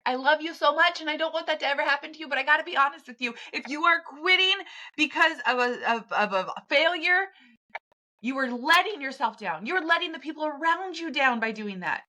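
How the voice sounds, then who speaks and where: A woman's voice: high-pitched, expressive, a little fast, sharp tone. A woman hosting a podcast, speaking straight to the listener in a direct, emphatic motivational monologue. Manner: direct, pep-talk, blunt and emphatic. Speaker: podcast host.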